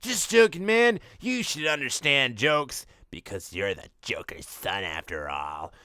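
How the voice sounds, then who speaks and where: A man's voice: mid-range voice, sing-song, a little slow, sharp tone, no room sound, studio quality, voice pushed up, exaggerated voice. A man voicing a mocking male mob boss who jokes on the phone. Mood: teasing.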